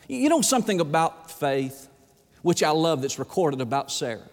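A man's voice: on the high side, sing-song, moderate pace. A man preaching a sermon as pastor, folksy and emphatic, asking the congregation rhetorical questions. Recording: echoey hall reverb.

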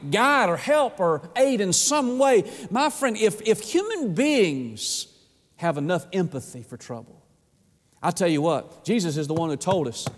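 A man preaching a sermon, swinging from emphatic bursts down to a low hush. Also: lively intonation, measured pace. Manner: dynamic preaching with sudden drops to a low hush. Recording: echoey with long reverb.

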